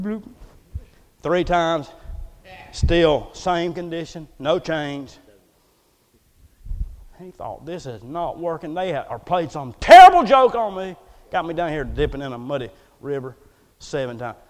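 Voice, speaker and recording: A man's voice: on the high side, a little mellow. A man preaching a folksy, storytelling sermon in a church, acting out the quotes as he goes. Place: church hall. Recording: echoey hall.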